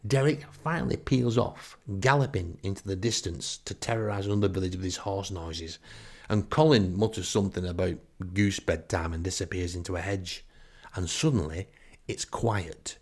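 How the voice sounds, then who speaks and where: A middle-aged man with a Northern English accent, telling a comic first-person story in a wry, exasperated, deadpan way. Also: low voice, normal speed. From Northern England. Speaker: podcast storyteller.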